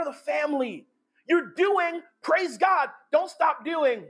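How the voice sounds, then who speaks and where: A man preaching an energetic sermon, excitable and emphatic, swinging between loud bursts and hushed lines. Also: very high voice, moderate pace.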